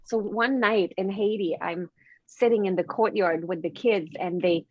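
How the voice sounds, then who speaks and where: Canadian woman telling stories on a podcast, bouncy and animated, dry muffled audio. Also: moderate pace, no echo. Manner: animated, repeats words, swings pitch when telling stories. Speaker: podcast guest, confidence coach. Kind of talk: casual interview storytelling. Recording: dry, dull lo-fi sound.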